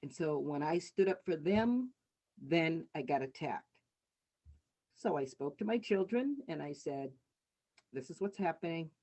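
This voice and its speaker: A woman's voice: low voice, lively intonation, measured pace, long pauses, warm tone. A middle-aged woman and city councilor giving candid personal testimony over a video call. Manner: candid, conversational storytelling. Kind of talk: personal testimony at a community meeting.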